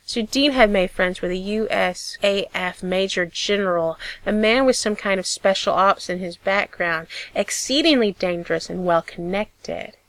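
A woman narrating a story in a measured, expressive reading style on a close mic. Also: mid-range voice, no room sound. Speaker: audiobook reader.

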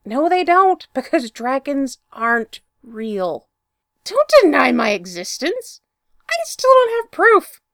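A woman voicing an excitable young father in a storybook reading, loud and indignant, his voice jumping upward. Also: high-pitched, takes it slowly, creaky, no echo, clean studio sound, full character voice.

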